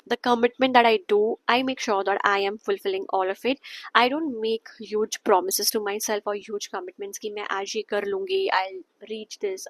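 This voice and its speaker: A woman's voice: mid-range voice, a bit bright, dry recording, rough recording. A young woman with an Indian English accent talks to camera in an earnest, repetitive way, now and then dropping Hindi phrases into her English. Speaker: wellness vlogger. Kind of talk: casual talk to camera.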